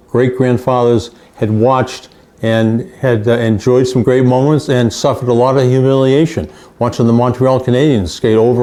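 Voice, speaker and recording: A man's voice: mid-range voice, mellow. An older male sports reporter recounting stories in an anecdotal way, repeating phrases for emphasis. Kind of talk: storytelling.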